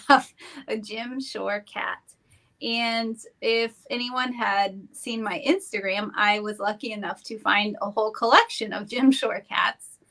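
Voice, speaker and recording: A woman presenting items in a live vintage auction, unhurried and easygoing. Her voice is fairly high, and she takes her time over each word. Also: creaky, fairly bright tone. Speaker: co-seller in live sale. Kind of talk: live online auction selling.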